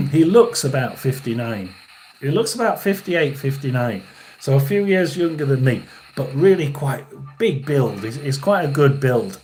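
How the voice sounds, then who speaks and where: A man in his sixties doing a live tarot and spirit reading as a psychic medium, halting and rambling, often clearing his throat. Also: medium pitch, big pitch swings, darkish tone, a little hiss or hum, rough recording.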